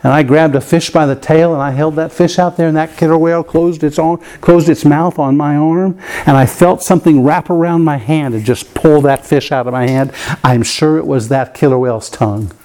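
Animated preacher man telling a story. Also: normal speed. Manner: animated, repeats words, big pitch swings when stressing a point. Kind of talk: sermon with personal storytelling. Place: church room with a piano.

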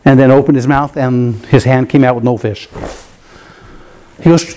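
A man preaching in a church, telling a personal story with lots of repeated words and big swings in pitch for emphasis. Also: expressive, normal speed, a little mellow. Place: church room with a piano.

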